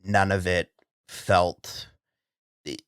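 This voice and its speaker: A man's voice: sits low, steady tone, extremely slow, fairly bright tone, smooth, dry recording, clean studio sound. A man co-hosting a casual TV recap podcast, frank and exasperated, often restarting his sentences. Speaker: podcast co-host.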